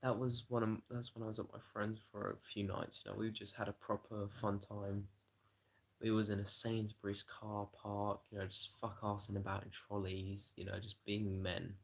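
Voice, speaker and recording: A man's voice: lowish voice, completely flat delivery, normal speed, gravelly. A man, livestreaming and telling a rambling, profane story to his chat in a casual way.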